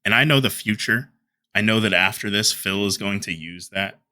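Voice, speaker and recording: A man's voice: lowish voice, moderate pace, bright, forceful tone, no room sound. A man delivering heated commentary as a YouTuber, ranting and trading insults.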